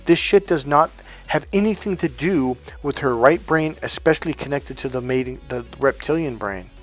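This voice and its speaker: A man's voice: mid-range voice, moderate pace, soft background music. A man talking as a dating coach in a profane, emphatic rant straight to his listeners. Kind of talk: monologue to camera.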